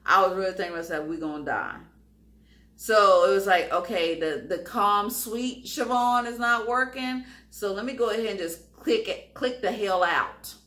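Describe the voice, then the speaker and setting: A young woman telling a casual storytime vlog, animated and acting out the quoted lines with lots of "like". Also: mid-range voice, moderate pace, hardly any pauses, echoey room.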